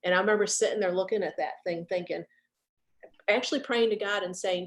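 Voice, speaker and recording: A middle-aged woman, a guest on a video call, talking about grief in an earnest, halting way and repeating herself as she remembers. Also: medium pitch. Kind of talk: heartfelt conversation about grief.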